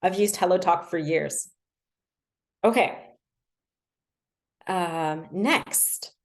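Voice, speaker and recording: A woman's voice: lowish voice, extremely slow. A young adult woman casually teaching language learning on a livestream, chatty and self-deprecating, with lots of fillers.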